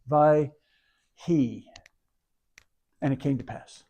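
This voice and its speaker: A man leads a religious service, reading scripture aloud and then teaching Hebrew words letter by letter. His voice is warm and mellow, sitting at a middle pitch. He explains patiently, breaking each word into its sounds. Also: steady tone, normal speed, highs cut off.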